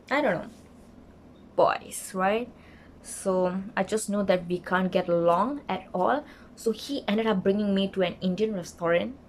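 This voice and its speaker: A young woman tells a storytime vlog in an animated, indignant way, acting out what people said. Her voice sits in a middle pitch. A faint background noise stays under it. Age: young adult. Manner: animated, indignant, acts out quotes. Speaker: vlogger.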